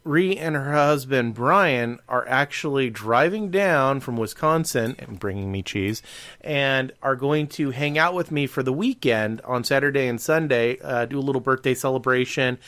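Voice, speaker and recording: A man hosting a casual podcast from a workshop studio, telling stories with lively mimicry. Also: medium pitch, normal speed, dry recording. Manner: animated storyteller, mimics others with raised voice. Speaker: podcast host.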